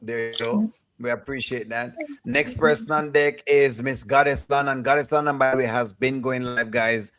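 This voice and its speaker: A man's voice: mid-range voice, normal speed, a little hiss or hum. A man with a lilt hosting a casual live stream, thanking viewers and calling on guests. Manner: lively, shifts into patois phrasing.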